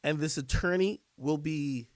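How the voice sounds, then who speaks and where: A man's voice: on the high side, no echo. A man giving a repetitive, insistent monologue on a livestream, played in a clip. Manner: repetitive, insistent, drawn-out phrasing. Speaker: streamer in clip.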